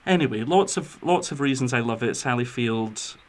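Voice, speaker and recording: A man's voice: medium pitch, animated, normal speed. A man hosting a podcast, gushing about films in a rambling, casual way with lots of fillers. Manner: effusive, rambling with fillers and restarts. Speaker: podcast host. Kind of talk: casual film discussion.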